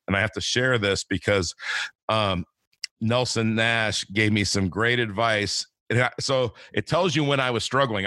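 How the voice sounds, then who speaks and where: A man's voice: fairly low pitch, bright, forceful tone, dry recording. A man in his fifties hosting a podcast interview, talking in a rambling, easygoing way with lots of fillers and repeated words. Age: 50s. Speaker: podcast host. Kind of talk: casual interview chat.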